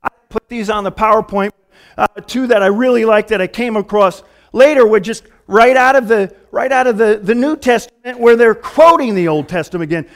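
A man's voice: sits high, fairly quick. A man in his fifties, a pastor preaching a sermon in a casual, earnest way with folksy asides. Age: 50s.

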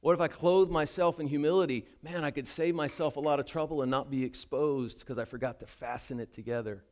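A man's voice: a little high, steady tone, a little fast. An older man preaching a sermon as a pastor, telling a story about himself in a chatty, self-deprecating way.

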